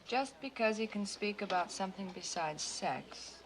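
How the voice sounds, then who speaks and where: A woman's voice: medium pitch, animated, normal speed, slight background noise, lightly acted. An actress playing an earnest, reproachful young woman in a 1950s film. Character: spirited young woman, defending a friend.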